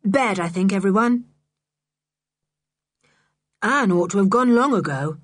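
A cool-headed eldest boy from a children's storybook, calm and dryly mocking with lively pitch, voiced by a woman reader. Slightly breathy and recorded close and dry. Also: measured pace, no room sound.

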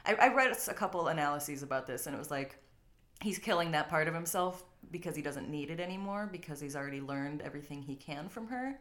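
A woman's voice: low voice, animated, quick pace, a bit bright. A young woman co-hosting a podcast in casual chat, rambling through a book summary with frequent laughs. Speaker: podcast co-host.

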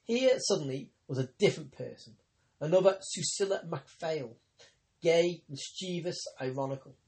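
Man, novel narration, measured, steady, fairly high voice. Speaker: audiobook narrator.

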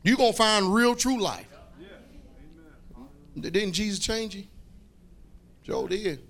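High, bright-voiced preacher man. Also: slow pace. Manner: preaches with call-and-response, repeats phrases, bursts into shouts. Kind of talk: fiery sermon.

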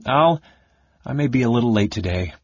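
A man voicing a fiery, sharp-tongued young woman in a raised, clipped voice. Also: mid-range voice, lively intonation, fairly quick, dry recording. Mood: flustered. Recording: dull lo-fi audiobook recording.

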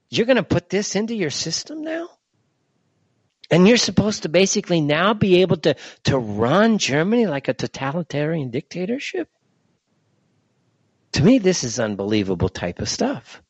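A man hosts a solo commentary show and rants indignantly, firing off one rhetorical question after another. His voice sits fairly high and swings a lot in pitch. The recording is dry and dull, with a lo-fi sound. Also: no echo. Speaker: show host.

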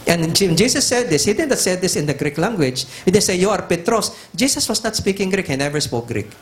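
A middle-aged man with a Filipino accent delivers a teaching sermon in an emphatic, driving manner, repeating his points for effect. His voice sits a little high for a man, and he slides between languages as he presses each argument home. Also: very animated, brisk. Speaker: pastor.

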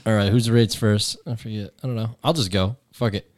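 A man giving a rambling, halting verdict in a casual comedy chat. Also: on the low side, steady tone. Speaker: podcast panelist.

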